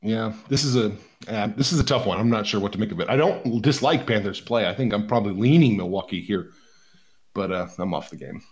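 A man's voice: on the low side, a little fast. A man co-hosting a sports betting podcast, chatting casually about where the money and public are.

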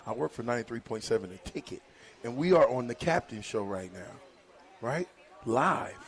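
A man's voice: mid-range voice, expressive, moderate pace. A man hosting live on-location radio, bantering playfully and teasing the people around him. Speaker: radio host.

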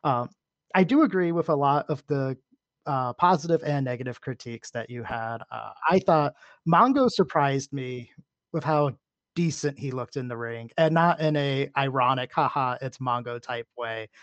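A man who is a podcast guest, chatting casually in a measured way and thinking aloud with lots of ums. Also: mid-range voice, lively intonation, no room sound, highs cut off. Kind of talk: casual chat.

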